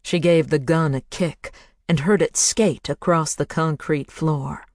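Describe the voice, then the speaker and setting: An audiobook narrator reading a thriller in a measured, hushed voice. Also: mid-range voice, steady tone, dry recording, studio quality. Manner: measured, hushed, building to intense.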